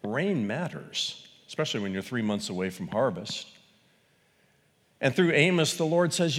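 A man preaching a sermon, animated, swinging between loud exclamations and quiet, quick asides. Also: medium pitch. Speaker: pastor. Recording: long reverb of a large hall.

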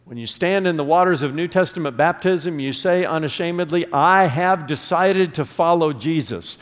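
A man's voice: a little high, moderate pace, few pauses, big-room sound. A man preaching a sermon as pastor, emphatic, drawing his congregation into call-and-response. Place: church sanctuary.

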